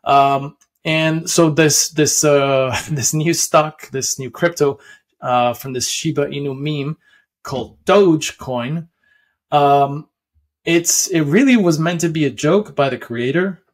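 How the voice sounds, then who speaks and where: Casting: young male explainer, slightly high voice, loose rambling delivery with lots of ums and chuckles. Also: takes it slowly. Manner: rambling, many fillers and restarts, chuckles often. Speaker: finance video host. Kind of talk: casual explainer.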